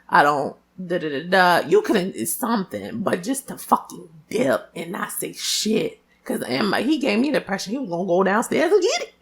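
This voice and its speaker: Young woman vlogger, gravelly and lively, tells stories loud and raw, curses freely, stretches out her exclamations. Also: mid-range voice. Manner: loud, expressive, swearing freely, drawn-out exclamations. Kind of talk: casual storytelling to camera.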